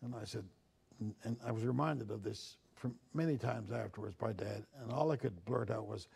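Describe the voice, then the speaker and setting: Speaking low and at a moderate pace, this older Newfoundland man has a gravelly, darkish voice with a breathy edge. The newspaper columnist reflects on his childhood in a sit-down interview, performing the voices of those he quotes.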